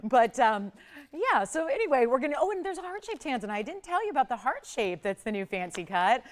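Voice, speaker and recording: A woman hosting a live home shopping show, giving a chatty, upbeat sales pitch for jewelry from a TV studio. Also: sing-song, a little fast.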